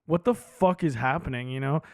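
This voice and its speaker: A man co-hosting a movie podcast, talking casually and excitedly, peppering his speech with "like" and the odd swear. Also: medium pitch, moderate pace, no echo, clean studio sound. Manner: animated, heavy use of "like", swears casually. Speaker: podcast co-host.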